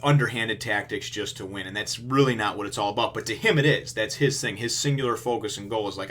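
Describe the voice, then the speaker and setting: A man's voice: fairly low pitch, fast, few pauses, a bit bright. A man reviewing a manga chapter in a casual, rambling way, full of fillers and blunt, profane remarks.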